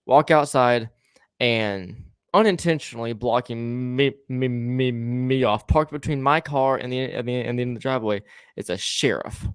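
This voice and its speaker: A man tells a story on a podcast, stumbling over his words and swearing as he acts out what everyone said. His voice sits at an ordinary middle pitch. The sound is dry and close, with no room around it. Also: normal speed, smooth, no room sound. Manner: rambling, stammering restarts, swearing, acts out quoted lines. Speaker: podcast co-host telling a story. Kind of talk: casual storytelling chat.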